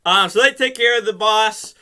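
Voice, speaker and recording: A man casually recapping a TV episode in an excitable, rambling way, laughing often and using lots of fillers. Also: high-pitched, moderate pace. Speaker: show reviewer.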